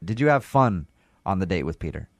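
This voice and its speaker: A man's voice: low-pitched, very animated, a little fast, vocal fry, dry recording, studio quality. A man hosting a morning radio show, joking and teasing his callers.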